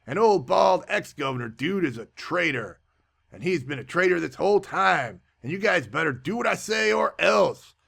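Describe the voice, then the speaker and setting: A man's voice: a little high, animated, normal speed, vocal fry, fairly bright tone, exaggerated voice. A man voicing an earnest young male prisoner in a comic movie review, declaring things with overblown drama. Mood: defiant.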